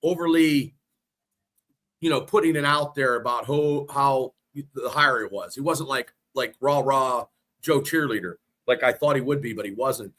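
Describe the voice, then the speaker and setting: Excitable bright-voiced man on a sports podcast. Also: mid-range voice, a little slow. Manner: excitable, swears freely, rambling. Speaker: podcast co-host. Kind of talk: casual sports chat.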